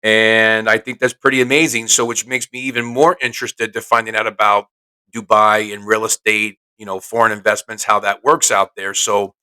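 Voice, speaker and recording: A man's voice: lowish voice, flat delivery, normal speed, sharp tone, clean tone, poor audio. A man hosting his podcast as a realtor, talking in a brash, chatty, salesy way. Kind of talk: casual solo podcast talk.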